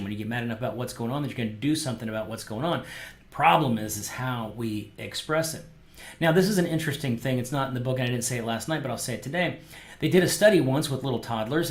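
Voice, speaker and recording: This man is a pastor hosting a relaxed small-group Bible lesson for viewers online, picked up by a microphone in an echoey room. His voice is mid-range, and he's animated and chatty, full of conversational fillers as he acts out quotes.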